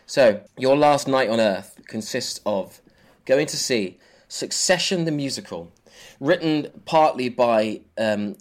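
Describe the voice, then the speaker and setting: A man's voice: mid-range voice, lively intonation, slow pace. A man co-hosting a chatty podcast, recapping with jokes and fillers. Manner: jokey, rambling recap with fillers. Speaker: podcast co-host. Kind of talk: casual podcast chat.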